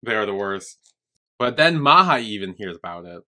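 A man's voice: lowish voice, very animated, normal speed, sharp tone. A young man co-hosting a podcast, casually recapping a TV episode in a rambling way, swearing freely and acting out characters' lines. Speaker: podcast co-host.

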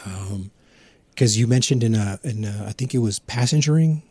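Husky middle-aged man telling crude stories. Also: mid-range voice, normal speed, dark tone, no echo. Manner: rambling, profane, laughs at his own story. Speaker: podcast guest. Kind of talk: casual storytelling.

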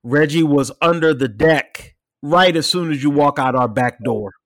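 A high-voiced young man tells a story on a podcast, swearing freely and acting out what people said. The sound is dry and close. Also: normal speed, no echo. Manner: animated storyteller, swears freely, acts out quotes and cat sounds. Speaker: podcast co-host telling a story. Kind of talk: casual chat.

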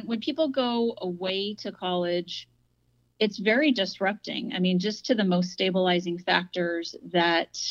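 Woman, podcast co-host, measured explaining, low voice, dry, lo-fi. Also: dry recording. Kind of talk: casual discussion.

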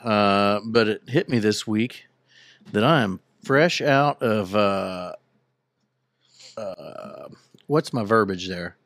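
Gravelly man. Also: fairly low pitch, slow, pauses often, fairly bright tone, no room sound, clean studio sound. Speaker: podcast co-host. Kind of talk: casual chat.

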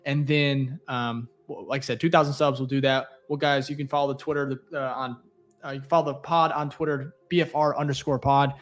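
A man co-hosting a casual sports podcast, relaxed and thankful, rambling with fillers. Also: medium pitch, brisk. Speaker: podcast co-host.

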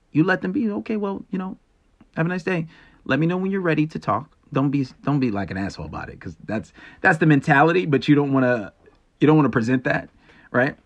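A man hosting a solo podcast, talking bluntly and with profanity as he lectures his listeners. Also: mid-range voice. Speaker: podcast host. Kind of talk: casual solo podcast monologue.

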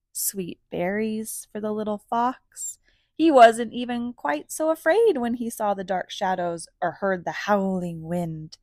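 A woman reading a children's picture book aloud, gentle and animated, pausing to ask questions. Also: mid-range voice, no room sound, clean studio sound. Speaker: storybook reader for children.

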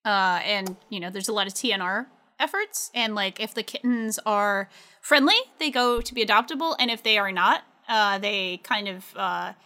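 A woman's voice: medium pitch, moderate pace, pushed and bright. A woman co-hosting a podcast, chatting casually, swearing freely and laughing often. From United States. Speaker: podcast co-host. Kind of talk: casual chat. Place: home setup, New York City.

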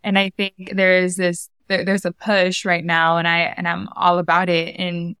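A woman's voice: fairly low pitch, monotone, fairly bright tone, smooth, no room sound, studio quality. A woman from the United States hosting a podcast, talking in an earnest, reflective way. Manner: earnest, reflective, quick bursts. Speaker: podcast host. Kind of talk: casual conversational chat.

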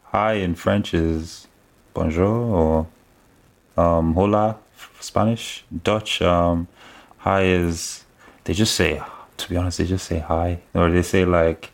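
A man's voice: sits low, steady tone, slow pace, gravelly. A man co-hosting a podcast, bantering playfully in casual chat. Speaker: podcast co-host.

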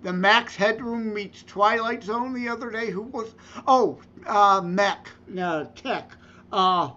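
A man's voice: high-pitched, takes it slowly, highs cut off, background noise. A man co-hosting a podcast in joking, casual banter, teasing the host.

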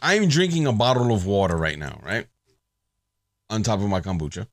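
A man hosting his own podcast, ranting in a sarcastic, profane, animated monologue. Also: lowish voice, moderate pace, dry recording, clean studio sound. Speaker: podcast host.

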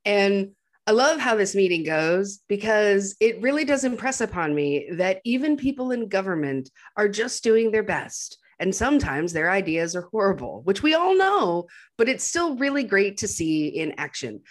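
A woman's voice: medium pitch, big pitch swings, moderate pace. A woman casually retelling film scenes to a co-host, with wry asides and quoted lines. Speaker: podcast co-host. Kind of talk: casual movie recap chat.

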